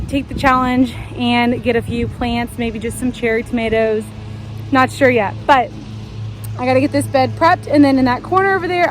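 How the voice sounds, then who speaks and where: A woman with a high, bright-pitched voice talks casually through her outdoor garden, explaining each task and correcting herself as she goes. Music plays clearly underneath her talk. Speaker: gardening vlogger.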